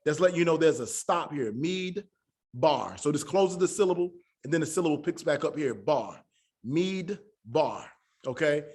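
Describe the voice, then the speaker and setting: A man with a slightly high voice teaches a Hebrew lesson. He is patient and repeats each word slowly so his students can follow. His speech is casual and Southern-tinged, with "y'all" and an easy pace. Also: animated, darkish tone. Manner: patient, repeats words slowly to drill pronunciation. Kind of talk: classroom lesson.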